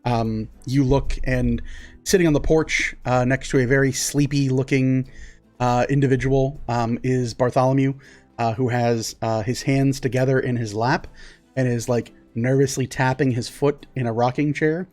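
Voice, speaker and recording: A man running a tabletop game, narrating at an even middle pitch. He rambles with lots of fillers. Soft music plays underneath. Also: normal speed. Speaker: game master.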